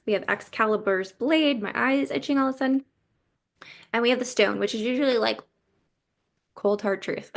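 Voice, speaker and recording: A woman giving a casual spiritual card reading. She talks in a chatty, meandering way, often says "like" and pauses to collect her thoughts. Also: fairly high pitch, creaky, a bit bright. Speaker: intuitive card reader.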